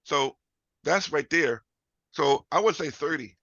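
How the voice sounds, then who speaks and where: Loud, profane man teaching trades. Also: on the high side, unhurried, no echo. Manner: loud, profane, keeps asking the audience questions. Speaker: trading instructor. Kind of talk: live trading lesson. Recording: dull lo-fi audio.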